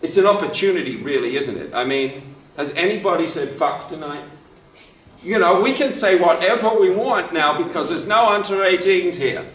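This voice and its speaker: A man's voice: high-pitched, expressive, fairly bright tone. Playful man on a roomy stage. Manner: playful, teasing, quick banter. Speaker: improv performer and host. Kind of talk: live improv comedy. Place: theater stage at a festival. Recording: roomy hall from far off with music.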